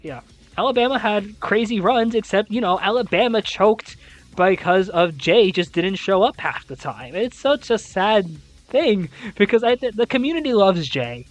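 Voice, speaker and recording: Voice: mid-range voice, animated, normal speed, faint music behind. A young adult host recapping a college esports league, reading scores and ranting with exasperated disbelief and casual swearing.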